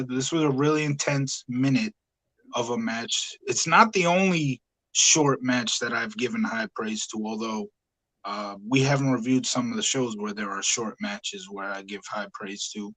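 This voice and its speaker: Man, casual podcast host, steady mid voice, chatty and relaxed. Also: medium pitch, moderate pace, low-quality recording. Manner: talkative, easygoing, frequent "uh" and "yeah". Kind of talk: casual review chat.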